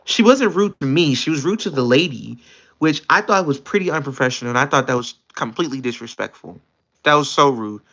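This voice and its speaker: A young man livestreaming, telling a story in casual chat, animated and exasperated, with his pitch jumping up often. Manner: animated, exasperated retelling with quick pitch jumps. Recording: dull lo-fi stream audio.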